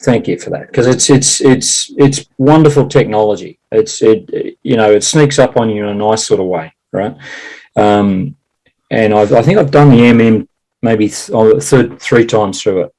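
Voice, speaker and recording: A man with a lowish voice chatting casually as a guest. He talks haltingly, restarting sentences and breaking into laughter. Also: a little mellow, poor audio. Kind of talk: casual conversation.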